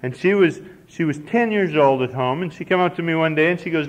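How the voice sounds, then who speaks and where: A man's voice: on the high side, a little fast. A man in his forties from Nebraska telling a folksy, self-deprecating personal story to a recovery meeting. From Nebraska, United States. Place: conference hall. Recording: dull, slightly hissy old cassette tape.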